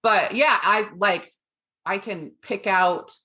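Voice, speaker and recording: A woman's voice: medium pitch, slow, sharp tone. A woman hosting a podcast, chatting casually and laughing often. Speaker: podcast host. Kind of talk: casual chat.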